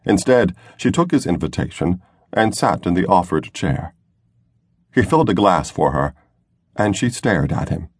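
Deep husky male audiobook narrator. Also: animated, moderate pace, no room sound, clean studio sound. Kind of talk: scripted narration.

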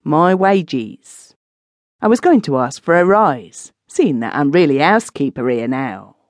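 A woman's voice: sits low, very animated, unhurried, no echo, clean studio sound. Woman reading as sly scheming housekeeper. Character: scheming middle-aged female housekeeper, dry and bold. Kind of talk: audiobook reading.

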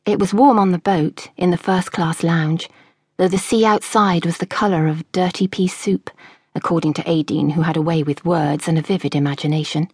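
A woman narrating a historical novel audiobook in a measured storytelling manner. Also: lowish voice, steady tone, a little mellow, husky, no echo, studio quality.

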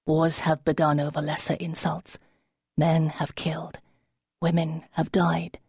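A guarded young noblewoman answers in a low, indifferent murmur, as a woman narrator puts her on. Her deep voice stays quiet and flat. The storybook reading sounds close and dry. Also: a little slow, husky, no echo, heavily acted.

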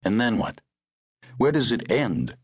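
A man's voice: mid-range voice, sing-song, a little slow, husky, dry recording, studio quality, voice pushed up. A man reading the lines of a large, loyal chauffeur who worries about his employer, in an audiobook.

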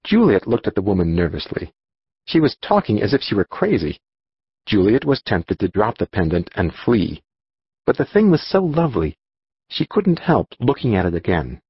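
A man narrating a children's audiobook in an expressive storytelling manner. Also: on the low side, moderate pace, slightly rough, dry recording, lo-fi sound. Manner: expressive storytelling, voicing dialogue.

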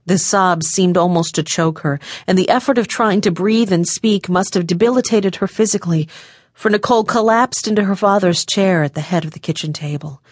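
A woman narrating an audiobook, reading in a measured, emotive storytelling manner on a close microphone. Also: medium pitch, no room sound. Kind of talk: scripted narration of a historical novel.

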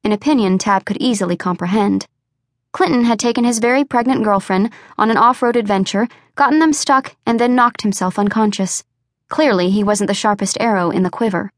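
A woman narrating an unabridged audiobook in a measured, even storytelling voice. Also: medium pitch, dry recording, studio quality.

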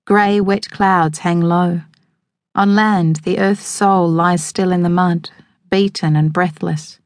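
Woman, audiobook narrator, lowish voice, close dry studio sound, measured. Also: fairly even intonation, dry recording. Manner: measured, evocative storytelling. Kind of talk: scripted first-person narration. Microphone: close studio microphone.

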